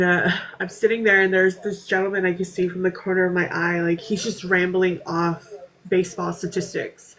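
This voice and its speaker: A woman speaking as a podcast panel guest, telling a personal story candidly in a halting way, with many fillers and restarts, and sometimes trailing off softly. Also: fairly low pitch, rough recording.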